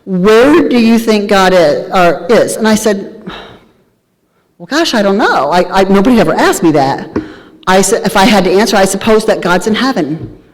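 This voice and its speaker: A woman's voice: medium pitch, expressive, normal speed. A woman in her thirties or older, telling her recovery story at a meeting with candid, humorous storytelling. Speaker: speaker sharing recovery story. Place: large hall at a live event. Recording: reverberant hall.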